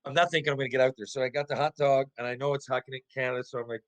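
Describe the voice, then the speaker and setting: On a low-quality recording, a middle-aged man who used to play pro hockey races through a casual anecdote as a podcast guest. He's lively and swears freely, stumbles over restarts, and jumps into high voices when quoting people.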